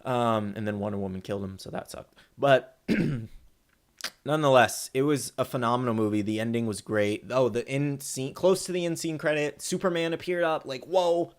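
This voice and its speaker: A young man giving a casual, rambling movie review, excitable and full of fillers. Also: medium pitch, moderate pace.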